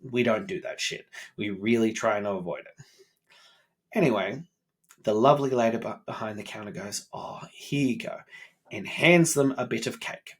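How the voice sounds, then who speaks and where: A man's voice: fairly low pitch, moderate pace, breathy edge. Man, 30s; candid, profane self-improvement vlogger talking to camera. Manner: blunt and profane, self-critical. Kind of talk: candid personal monologue.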